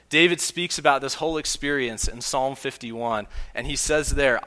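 Forceful and bright, a pastor's mid-range voice carries an earnest sermon at normal speed with few pauses. He makes his point through a story, acting out its quotes, and the recording has a long hall reverb.

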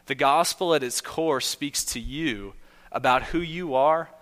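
A man's voice: fairly high pitch, measured pace, a bit bright. A man preaching a sermon in earnest, telling a story to make his point. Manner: earnest, storytelling with acted quotes. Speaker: pastor. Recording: long hall reverb.

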